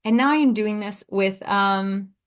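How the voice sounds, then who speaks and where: A woman hosts her own podcast and tells a personal story in a loose, candid way. She rambles a little, steps aside mid-thought, and acts out what she and others said. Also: medium pitch. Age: adult, four and a half years sober. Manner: candid, rambling, with quick asides and acted-out quotes. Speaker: podcast host.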